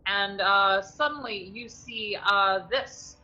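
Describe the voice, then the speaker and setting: A woman running a tabletop game as game master, narrating with many halting ums and restarts. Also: medium pitch, pushed and bright, highs cut off, soft background music.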